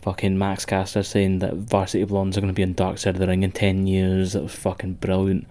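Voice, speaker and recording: In a low, mellow voice with a completely flat delivery, a Scottish man talks fairly quickly while co-hosting a wrestling podcast. He chats casually with a friend, rambling, swearing and laughing frequently.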